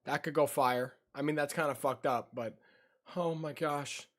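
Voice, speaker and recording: A man's voice: fairly high pitch, measured pace. A young man chatting casually to his livestream audience, repeating himself and easily spooked. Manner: talks straight to chat, repeats his lines, easily spooked. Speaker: streamer.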